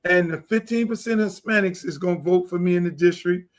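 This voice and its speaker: Loud ranting man, high voice. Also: fairly quick. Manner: loud, profane, boastful ranting. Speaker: podcast host. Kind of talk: heated casual talk.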